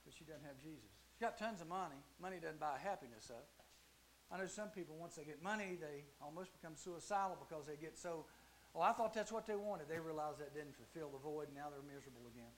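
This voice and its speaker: A man teaching a youth Bible class, telling the story with lively acted-out voices. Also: a little high, quick pace, a little hiss or hum.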